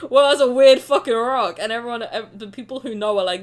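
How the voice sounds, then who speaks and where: A young woman streaming a game reaction, excitable and gushing, laughing and swearing. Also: a little high, brisk.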